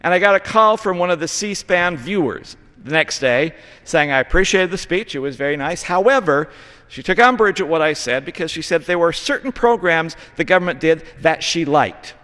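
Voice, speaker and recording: A man's voice: a little high, animated, normal speed, bright, forceful tone. A middle-aged man from Utah giving a formal floor speech as a congressman, earnest and lecturing, with emphatic stresses. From Utah, United States. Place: large legislative chamber. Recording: reverberant chamber sound.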